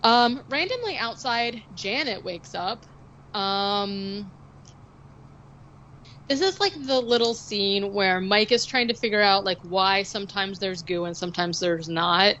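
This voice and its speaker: A woman's voice: mid-range voice, fairly bright tone, muffled recording, a little hiss or hum. A woman co-hosting a podcast, recapping a film in casual, rambling chat full of likes and ums. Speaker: podcast co-host.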